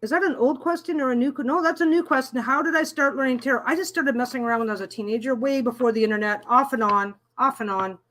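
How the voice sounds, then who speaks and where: Chatty middle-aged woman with a high voice. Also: fast talker, hardly any pauses, fairly bright tone. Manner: chatty and rambling, often restarting and correcting herself; reads viewer comments aloud and answers them. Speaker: tarot reader hosting a live stream. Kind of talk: casual live-stream chat.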